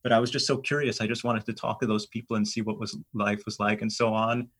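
A middle-aged American man, appearing as a guest, rattles off travel stories in a casual, rambling conversation full of fillers and restarts. His fairly low voice has a breathy edge, and he talks quickly, keeping his anecdotes animated.

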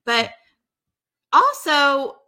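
A woman co-hosting a casual chat, animated and often laughing as she talks. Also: sits high, very slow. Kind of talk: casual chat recapping reality TV.

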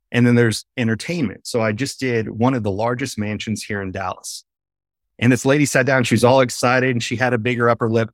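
Male podcast guest, eager storyteller, middle pitch, dry sound, video call. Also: no echo. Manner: animated storyteller, eager and explanatory. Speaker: podcast guest, face-reading trainer. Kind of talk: casual interview chat. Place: home office with a bookshelf.

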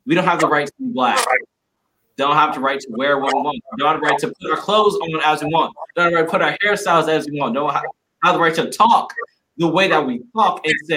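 A man's voice: a little high, fairly quick, bright, forceful tone, a little hiss or hum, poor audio. A man in a group discussion, speaking passionately and emphatically, firing off rhetorical questions. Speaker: discussion participant.

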